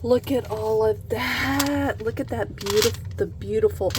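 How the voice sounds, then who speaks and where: A woman hosting a craft vlog, gushing with excitement in a casual chat as she unboxes things. She speaks at an unhurried pace, with a clear hum of background noise in her home room. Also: fairly high pitch. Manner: gushing, excited, gasps and laughs often. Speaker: craft channel host.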